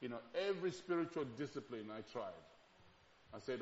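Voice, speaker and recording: A man preaching a sermon as pastor, passionate, moving from loud pleading to quiet reflection. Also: mid-range voice, expressive, brisk, slight background noise. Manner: impassioned, swings from loud pleading to hushed reflection. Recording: echoey hall, dull lo-fi sound.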